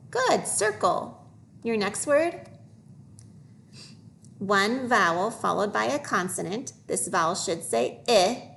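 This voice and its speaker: A woman teacher leading a phonics lesson for young children, modeling each word slowly and clearly. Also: mid-range voice, a bit bright, a little hiss or hum. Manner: slow, deliberate modeling of words for young learners.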